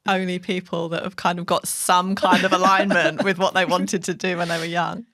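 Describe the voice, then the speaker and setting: A woman with a fairly low voice co-hosts a podcast in a dry, close sound. She chats in an easy, agreeable way, with lots of yeahs and you-knows. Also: little pitch movement, moderate pace, a bit bright, no room sound. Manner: agreeable, many fillers and yeahs. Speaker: podcast co-host. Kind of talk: casual chat.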